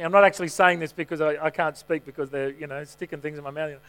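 Male pastor, middle-aged, higher voice; easy, storytelling sermon delivery. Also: steady tone, quick pace, a bit bright, clean tone. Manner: conversational, self-mocking storytelling.

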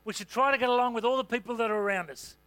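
Man, sermon, casual and joking delivery, bright tone, dry recording. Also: very high-pitched, racing, smooth, dry recording. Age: adult parent. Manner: conversational, humorous, with asides and fillers. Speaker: preacher.

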